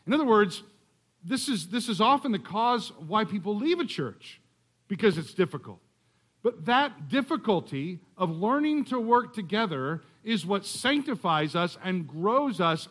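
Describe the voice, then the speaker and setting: A man with a high, somewhat bright voice gives a sermon as a guest speaker at a church. He explains a scripture passage conversationally, adding humorous asides.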